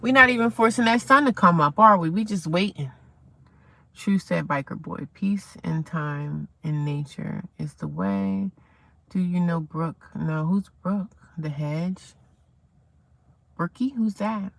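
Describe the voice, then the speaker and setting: A woman's voice: fairly low pitch, measured pace, gravelly, fairly bright tone, no room sound. A woman, live-streaming outdoors at sunrise, chatting casually with her viewers and reading their comments aloud. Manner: chatty, talks to viewers and reads chat aloud.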